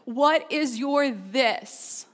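Brief: middle-aged woman pastor, high voice, earnest personal sermon. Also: expressive, drawn-out words. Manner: earnest, personal, asks the audience questions.

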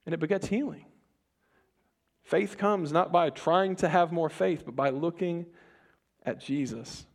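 A young adult man preaching a sermon to a congregation in a conversational, animated way, often restarting his sentences and acting out the people in the story. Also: a little high, measured pace. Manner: conversational, animated, self-interrupting. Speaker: pastor. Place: church before a congregation.

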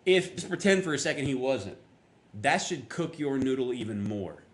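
Male pastor, mid-pitched, chatty storytelling sermon, voices the people in his anecdote. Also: very animated, normal speed. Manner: conversational storytelling, acts out quotes with rising pitch.

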